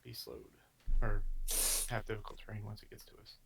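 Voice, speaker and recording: A player in a tabletop role-playing game, murmuring quietly as if distracted. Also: mid-range voice, level tone, a little fast, vocal fry, noisy background. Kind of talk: casual tabletop game chat.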